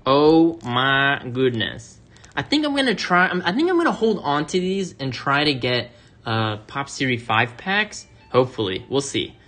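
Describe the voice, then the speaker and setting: A card-opening channel host chats with viewers during an unboxing, calling them "you guys" and gushing with exclamations over each card. His mid-range voice is a bit bright, swings widely in pitch, and moves at a moderate pace. Soft music plays in the background.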